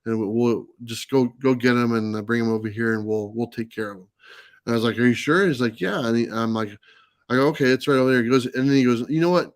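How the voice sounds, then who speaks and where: Speaking quickly in a mid-range voice, this comics channel host spins a lengthy story on a casual livestream, with plenty of fillers and restarts. The live stream mic picks up no room sound.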